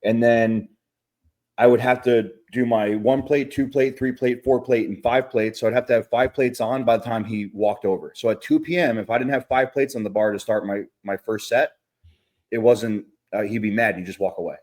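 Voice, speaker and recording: A bodybuilder co-hosting a podcast rambles through gym stories in casual chat, full of fillers and offhand swearing. His mid-range voice is a little mellow, with a steady tone at a normal speed.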